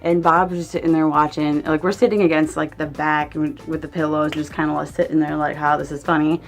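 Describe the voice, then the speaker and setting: A young woman with a fairly low-pitched voice tells a casual vlog story. She rambles, swears without a second thought and fills nearly every sentence with "like". Faint music plays underneath her. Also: little pitch movement, fairly quick. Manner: rambling, heavy use of "like", swears freely. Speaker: vlogger.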